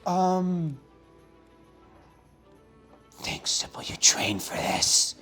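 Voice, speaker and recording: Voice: medium pitch, expressive, moderate pace, slightly rough, faint music behind. A game master voicing a flustered young woman event manager who rambles, apologizes and talks in casual slang.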